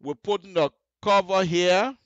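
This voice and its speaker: A man's voice: high-pitched, measured pace, a bit bright, no echo, lo-fi sound. A man teaching road construction and design on a radio show, walking listeners through the details and checking often that they follow. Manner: explanatory, repeats checks like "you see the difference?". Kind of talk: on-air technical tutorial. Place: radio studio.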